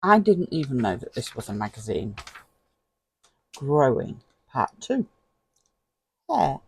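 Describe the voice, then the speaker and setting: Slow, husky man with a gravelly edge. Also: medium pitch, big pitch swings, low-quality recording. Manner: chatty, talks to the viewer, chuckles often. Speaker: vlogger. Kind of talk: casual flip-through commentary.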